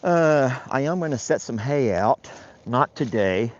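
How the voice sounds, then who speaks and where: A man with a medium-pitched, expressive voice talks at a moderate pace. He's a rancher vlogging his outdoor chores in a relaxed, folksy, rambling way and speaking to his animals, captured on a dull, lo-fi outdoor recording.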